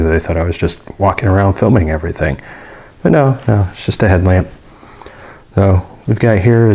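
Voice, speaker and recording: A man's voice: deep voice, mellow. A man giving a casual, rambling product review with many fillers and restarts. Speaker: gear reviewer.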